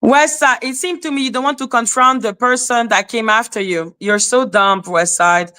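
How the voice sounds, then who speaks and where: A woman's voice: a little high, moderate pace, pushed and bright, smooth. A woman hosting a live stream, talking to her chat in a confrontational, scolding way. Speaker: livestream host.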